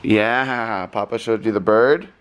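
A man's voice: fairly low pitch, slow, slight background noise. A man hosting a casual family vlog, chatting playfully with his kids and the viewers. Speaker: vlog host, father. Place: outdoors on a home porch.

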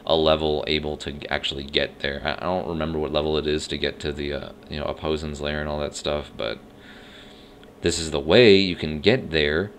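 A man's voice: rumbling low, slight background noise. A man giving casual gameplay commentary, rambling and unsure of himself as he thinks aloud. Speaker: let's play host. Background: faint game music.

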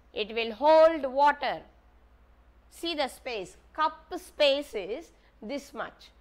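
Primary teacher, woman with an Indian English accent, high voice, slow and patient, spells each word for small children. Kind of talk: online maths lesson for young children.

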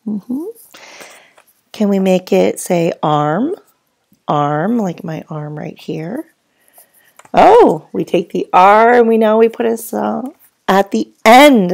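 Brief: patient first grade teacher, woman, slow deliberate delivery, low and gravelly. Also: darkish tone. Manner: slow, clear, patient teacher voice with drawn-out words; speaks as if to children answering off camera. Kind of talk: phonics lesson for young children.

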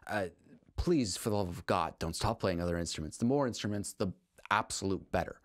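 Man, low-pitched voice, dry close sound, casual rambling lesson, enthusiastic. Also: no room sound. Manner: rambling, with frequent restarts and fillers. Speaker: composer teaching on a video channel.

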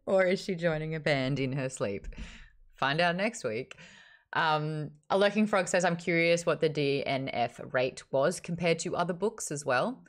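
A woman's voice: low-pitched, a little slow. A woman hosting a casual book club livestream from home, chatting playfully and cooing at her sleepy dog. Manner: playful, laughing, baby-talk to her dog.

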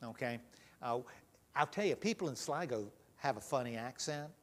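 A man leading a children's talk in church, gentle and full of questions. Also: medium pitch, animated, moderate pace. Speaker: pastor leading a children's message. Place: church sanctuary.

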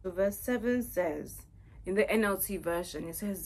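Husky-voiced woman sharing her testimony. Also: mid-range voice, normal speed. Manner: earnest, repeats herself with many "you know"s. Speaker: vlogger sharing faith testimony. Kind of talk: personal testimony talk.

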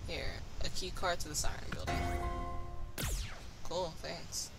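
A gameplay commentator in casual let's-play talk who reads game dialogue aloud and gets loud and excited in fights. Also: mid-range voice, measured pace, vocal fry. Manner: reads on-screen text aloud, breaks into excited yelling during fights. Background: loud game music.

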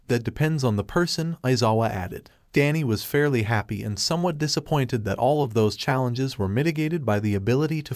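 A man narrating a fanfiction story aloud at a steady, even pace. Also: mid-range voice, no echo, clean studio sound.

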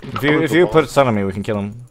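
A man's voice: medium pitch, lively intonation, fast, crowd noise. A man with a Swedish accent casually commenting while playing a game online, chatty and swearing. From Sweden. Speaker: gaming video host.

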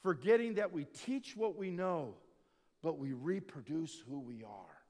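A middle-aged man preaching as a lead pastor, telling stories with big swings from hushed to loud. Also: fairly high pitch, unhurried. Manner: animated storytelling, swinging from quiet to loud. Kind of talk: sermon. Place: conference hall. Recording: long reverb of a large hall.

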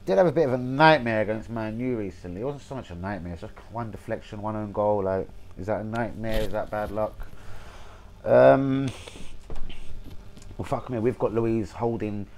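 A man's voice: lowish voice, normal speed, darkish tone, slight background noise, poor audio. A young man, rambling casually about football, swearing a lot and losing his train of thought. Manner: rambling, swearing, forgetful asides. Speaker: football fan vlogger.

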